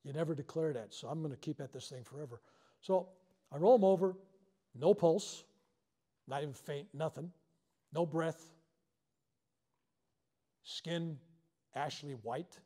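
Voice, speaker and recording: A man's voice: fairly high pitch, a little slow, pauses often. An older man, a reverend leading a healing workshop, telling stories to a live audience and acting out the voices in them. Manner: animated storyteller acting out quoted voices. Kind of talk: storytelling talk to a live audience. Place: workshop hall.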